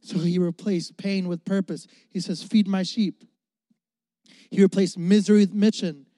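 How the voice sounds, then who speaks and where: A man's voice: sits high, fairly even intonation, normal speed, dark tone, no echo. A young adult man, a youth pastor, preaching a sermon with emphatic repetition and rising and falling volume.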